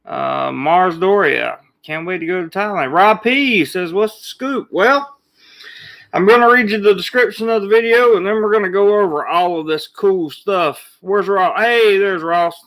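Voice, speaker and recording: Male livestream host, slightly high, gravelly voice, chatty and loose. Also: a little slow, a bit bright. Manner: greets viewers by name, chatty. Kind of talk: casual live chat. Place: Thailand.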